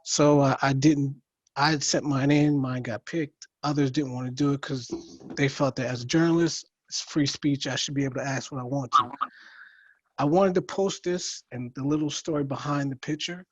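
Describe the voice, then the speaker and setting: A man in a writing workshop speaking hesitantly over a video call, with halting phrases and many fillers. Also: mid-range voice, steady tone, husky, no echo, highs cut off. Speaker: workshop participant. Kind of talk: casual chat.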